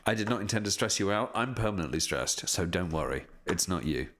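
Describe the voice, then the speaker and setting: A man's voice: sits low, expressive, a little fast, a bit bright. A man chatting casually on a live stream while signing prints, self-deprecating and swearing often.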